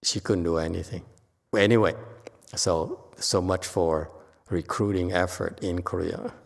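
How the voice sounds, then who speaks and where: In a temple lecture hall with a big-room sound, a Buddhist monk delivers a lively, informal sutra talk, acting out quotes from his stories. His voice is low, gravelly, and slightly rough.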